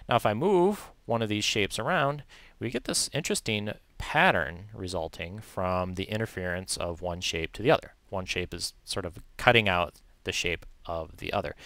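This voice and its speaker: A man walking through a software tutorial in a relaxed, chatty way, correcting himself and adding light asides. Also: deep voice, no echo. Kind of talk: screen-recorded software tutorial.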